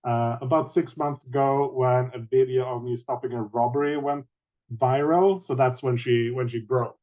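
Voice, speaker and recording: A man playing in an online tabletop game, explaining his character hesitantly with frequent pauses. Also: medium pitch, fairly even intonation, a little mellow, muffled recording. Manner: hesitant, many fillers and restarts. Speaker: player.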